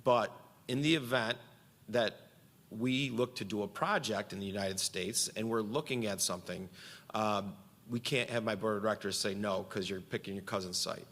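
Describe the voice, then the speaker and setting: Guy from central new york telling a story on stage, gravelly bright voice, big hall echo. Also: lowish voice. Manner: animated, quotes himself and others. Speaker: county executive giving a conference speech. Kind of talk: storytelling speech.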